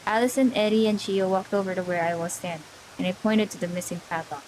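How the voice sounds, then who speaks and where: A woman's voice: lowish voice, a little fast, background noise. Woman streamer reading a game aloud, jittery. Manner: reads narration aloud, breaks off into jittery chatter to chat; nervous, easily spooked. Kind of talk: reading a visual novel aloud on a livestream.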